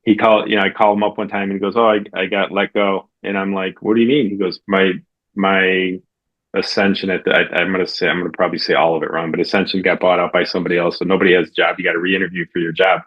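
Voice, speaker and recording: Male podcast host, low voice, chatty storyteller who acts out quotes, muffled lo-fi sound. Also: quick pace. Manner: animated, acts out quotes with big jumps in pitch. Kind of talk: casual interview chat, storytelling.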